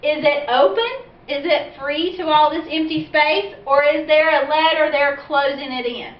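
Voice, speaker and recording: A teacher with a high voice gives a patient, slow phonics lesson aimed at parents and kids, asking questions as she goes. She sounds far from the microphone, and the audio is dull and echoey.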